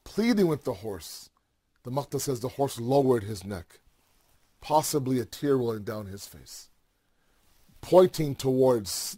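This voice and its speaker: A man's voice: medium pitch, lively intonation, a little slow, pauses often, warm tone, breathy edge, no echo. A man delivering a mourning sermon, narrating with impassioned, repetitive emphasis. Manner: impassioned, repetitive, builds to fervent cries. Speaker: preacher.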